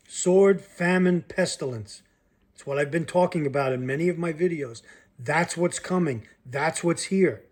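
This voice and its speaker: A man with a somewhat high-pitched voice reads scripture aloud, line by line. Between passages he stops to comment and press his listeners directly, in the manner of a sermon. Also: a little slow, a little mellow. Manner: reads verses aloud, then breaks off to comment and challenge listeners. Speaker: Bible teacher.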